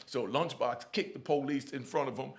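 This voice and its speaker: A middle-aged man telling his own prison stories in blunt, lively street talk, often asking "you know what I mean". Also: medium pitch, normal speed, vocal fry. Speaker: storyteller sharing prison stories. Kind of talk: casual storytelling.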